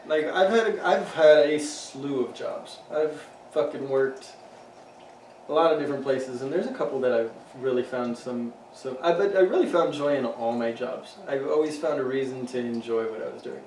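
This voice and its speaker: Here a man co-hosts a podcast, keeping up a loose, laughing conversation peppered with profanity; his pitch is medium and his pace normal. Faint hiss and room echo come through, as the mic is placed far off.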